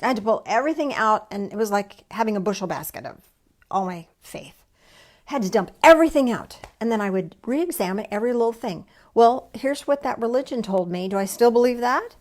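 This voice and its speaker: A woman leads an online church service, preaching conversationally, posing questions to herself and answering them aloud with a folksy, self-deprecating touch. Her fairly high voice has lively intonation, moves fairly quickly, and sounds a little mellow.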